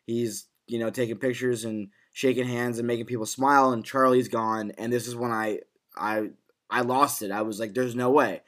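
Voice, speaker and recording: A man talks through a TV episode on a casual podcast. He gets worked up, swears freely and stumbles over his own restarts. His voice sits at an ordinary middle pitch for a man. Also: normal speed. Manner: excitable, swears freely, restarts phrases often. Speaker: podcast co-host. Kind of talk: casual TV recap discussion.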